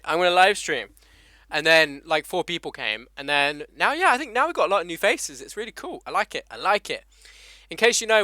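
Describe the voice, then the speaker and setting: A man's voice: on the high side, pushed and bright, no room sound. A young man with an English accent hosting a casual motorcycle live stream, swearing freely and laughing as he greets viewers by name. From England. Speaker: motovlogger host.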